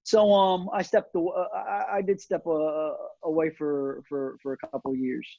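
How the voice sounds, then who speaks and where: A man's voice: fairly high pitch, flat delivery, normal speed, creaky, dark tone, dry recording. Earnest man telling his story, dull audio. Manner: earnest storytelling with many fillers and restarts. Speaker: cigar company owner, guest. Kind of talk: casual interview chat.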